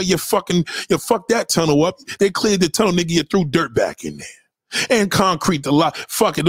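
Casting: man with a high, reedy voice, ranting hard into a close dry mic, profane and confrontational. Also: dry recording. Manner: profane, confrontational, swings between loud and low. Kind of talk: ranting monologue.

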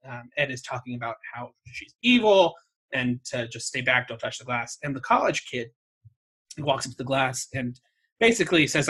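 A man's voice: mid-range voice, very animated, normal speed, a bit bright, slightly rough. A man co-hosting a casual chat show, telling a story in a wry way, swearing freely and laughing at himself. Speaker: podcast co-host.

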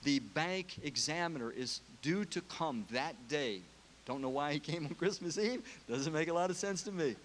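A preacher giving a sermon, retelling a film story in an emotional, casual way. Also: male voice, fairly high pitch, animated, normal speed, a bit bright, a little hiss or hum.

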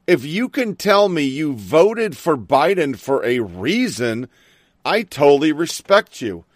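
A man's voice: a little high, sing-song, takes it slowly, no echo, studio quality. A middle-aged man hosting a talk show, ranting bluntly and angrily with plenty of swearing. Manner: angry, blunt and profane ranting. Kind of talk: opinionated talk radio monologue.

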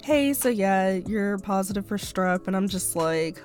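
A woman's voice: medium pitch, expressive, unhurried, a little mellow, soft background music. A young woman hosting her own podcast, rambling casually with lots of fillers while still a bit stuffy-nosed from a cold. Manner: rambling, chatty, many fillers like "um" and "like". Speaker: podcast host. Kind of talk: casual personal podcast monologue.

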